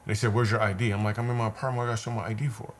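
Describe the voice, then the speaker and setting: A man with a fairly low voice tells a personal story in an interview. He talks in an earnest way, repeats words for weight and retells scenes vividly. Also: level tone, very fast, slight background noise. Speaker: comedian guest. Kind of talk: conversational storytelling.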